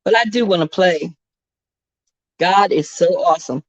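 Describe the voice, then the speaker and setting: A woman's voice: lowish voice, expressive, normal speed, a bit bright, no room sound. A woman chatting casually on a live stream, greeting viewers by name. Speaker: livestream host. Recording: dull, slightly lo-fi sound.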